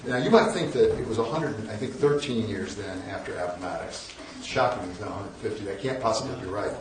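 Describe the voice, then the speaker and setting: A man in his sixties from the northern United States gives a storytelling lecture as a guest in a large lecture hall, sharing wry, self-deprecating anecdotes with frequent restarts. His voice is fairly low and a little fast. The recording is noisy and echoey, with the mic at a distance.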